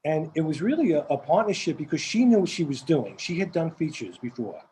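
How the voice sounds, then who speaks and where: An older man with a Staten Island accent, a film director telling rambling, animated stories in an interview, repeating words as he goes. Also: on the high side, a little fast, a little hiss or hum, rough recording. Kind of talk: casual storytelling interview.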